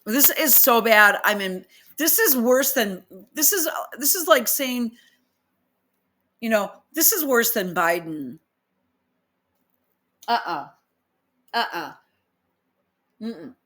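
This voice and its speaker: A woman's voice: a little high, expressive, takes it slowly, pauses often, bright, forceful tone. A woman reading posts aloud and picking apart their grammar in an exasperated, incredulous casual rant. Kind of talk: casual ranting commentary.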